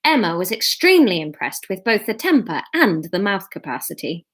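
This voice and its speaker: A woman's voice: medium pitch, very animated, fairly quick. A woman reading a story chapter aloud, breaking off for giggly, self-mocking asides.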